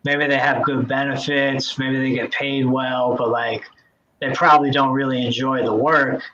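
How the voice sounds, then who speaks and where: A man's voice: medium pitch, flat delivery, moderate pace, sharp tone, dull audio. A man hosting a casual tech podcast chat, rambling and full of fillers and restarts. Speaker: podcast host.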